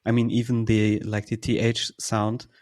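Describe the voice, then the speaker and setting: A man from Germany speaking English in a casual podcast conversation, halting and searching for words. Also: lowish voice, completely flat delivery, darkish tone.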